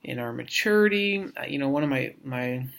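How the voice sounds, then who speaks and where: Guy teaching a recorded class lecture, thinking out loud, lots of restarts and repeated words. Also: medium pitch, expressive, vocal fry. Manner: reflective, halting, frequent restarts and repetitions. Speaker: instructor.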